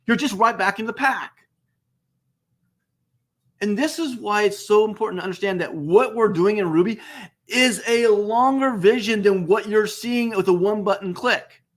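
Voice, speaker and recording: Emphatic high-voiced man hosting. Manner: emphatic, repeats phrases, lively swings in pitch. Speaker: host. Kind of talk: enthusiastic business webcast talk.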